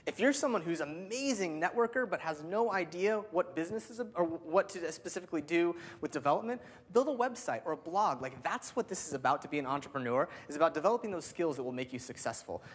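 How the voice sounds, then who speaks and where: A man in his thirties giving an energetic keynote speech, with lots of "um" and "like" fillers. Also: on the high side, quick pace, hardly any pauses, slightly rough. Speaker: keynote speaker. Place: large hall. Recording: long hall reverb.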